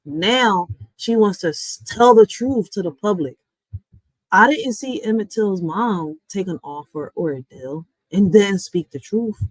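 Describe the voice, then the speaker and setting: A woman's voice: medium pitch, lively intonation, unhurried, no room sound, poor audio. A woman streamer talking to her live chat in a blunt, heated rant, swearing and addressing viewers directly. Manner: blunt and heated, swearing, with sudden loud and quiet swings; talks straight to viewers, often with "listen" and "y'all". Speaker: reaction streamer.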